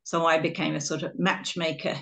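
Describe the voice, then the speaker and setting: A middle-aged woman from England gives a webinar talk over a video call, her voice on the low side for a woman. She tells stories in a chatty, self-deprecating way. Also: little pitch movement, a little fast, vocal fry, pushed and bright. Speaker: guest speaker.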